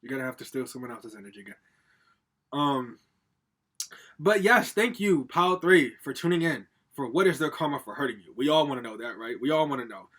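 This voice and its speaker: This is a man at home giving a casual pick-a-card tarot reading. His voice is bright and punchy, with a husky edge to it. He rambles, swears freely and talks straight to his viewers, filling the gaps with fillers. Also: mid-range voice, lively intonation, a little fast. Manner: rambling with frequent fillers and laughs. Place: home, with a laptop.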